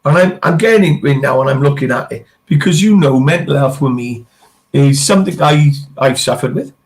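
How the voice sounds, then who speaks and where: A man's voice: medium pitch, animated, fairly quick. A middle-aged man, chatting bluntly on a live stream and swearing freely. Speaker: co-host. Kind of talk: casual chat on a live stream.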